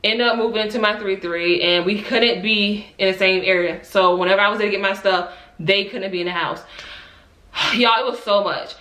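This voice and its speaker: A young woman tells her story in a bright, forceful voice, animated and quick to break into laughter. The sound bounces around an echoey room. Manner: animated, acts out quotes in high voices, laughs often. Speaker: vlogger. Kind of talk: casual storytelling.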